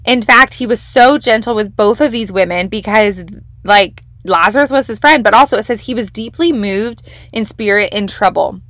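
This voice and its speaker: A woman's voice: medium pitch, moderate pace, a bit bright, no echo. A young woman hosting a devotional podcast, teaching from the Bible in a casual, enthusiastic, emphatic way. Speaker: podcast host leading a devotional.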